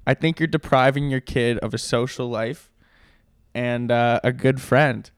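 A man in his twenties co-hosting a podcast, telling profane, joking anecdotes and mimicking people in quick asides. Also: medium pitch, steady tone, clear, resonant tone, no echo. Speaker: podcast co-host. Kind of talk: casual podcast banter.

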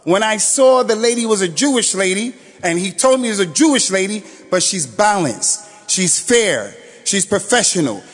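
A man giving a Friday sermon as imam, telling a story with animated delivery, breaking into shouted exhortations and quick Quran recitation. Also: high voice. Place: mosque prayer hall. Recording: long hall reverb.

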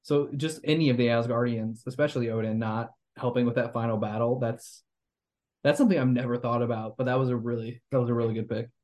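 A man's voice: mid-range voice, steady tone, quick pace, a little mellow. A young man hosting a podcast, rambling critically about a movie with lots of fillers and restarts. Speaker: podcast host. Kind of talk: casual movie review chat.

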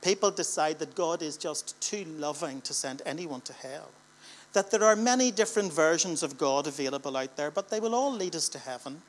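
A middle-aged man from Northern Ireland, speaking with a Northern Irish accent, preaches a sermon to a church gathering. His voice is on the high side and expressive at a moderate pace, using rhetorical questions and building, repeated lines that swell with emphasis.

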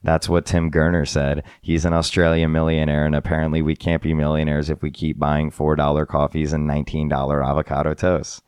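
A man's voice: extremely low pitch, completely flat delivery, fairly quick, hardly any pauses, darkish tone, clean tone, no echo, clean studio sound. A man co-hosting a casual chat, joking and sarcastic, laughing often. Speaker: podcast co-host.

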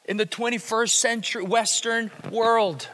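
A man preaching a sermon as pastor, shifting between hushed, quiet passages and emphatic, rising ones. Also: extremely high pitch, steady tone, measured pace, in a large hall, slight background noise. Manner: dynamic, swings from hushed to emphatic.

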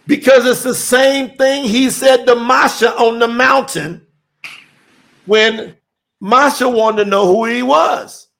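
A man's voice: very high voice, steady tone, takes it slowly, gravelly, a bit bright. A middle-aged man teaching scripture for a telethon, emphatic and preacherly, dramatically quoting the words he explains.

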